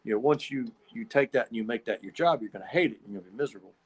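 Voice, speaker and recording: A man's voice: medium pitch, rapid-fire, slightly rough. A man telling a long, rambling story in a casual podcast monologue. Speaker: podcast host.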